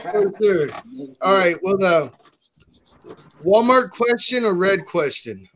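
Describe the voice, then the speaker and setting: A young man hosting a podcast, telling a crude story in a loose, animated way and acting out the people in it. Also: high voice, a crowd in the background. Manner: animated, acts out the people in his stories with quick shifts. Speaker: podcast host. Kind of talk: casual profane storytelling.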